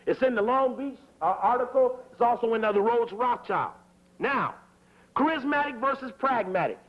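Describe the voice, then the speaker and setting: A man giving a fiery political lecture in a hurried, emphatic, profane way, repeating his phrases. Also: extremely high pitch. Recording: dull lo-fi tape recording.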